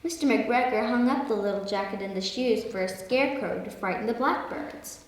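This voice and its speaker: A woman reading a children's story aloud, slow and expressive. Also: on the high side. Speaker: story reader. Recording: echoey hall, far from mic.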